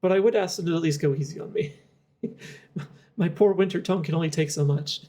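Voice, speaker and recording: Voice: medium pitch, brisk, dark tone. A young adult game streamer chatting casually while playing, rambling and thinking aloud with frequent laughs. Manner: rambling, giggly, thinks aloud with many fillers.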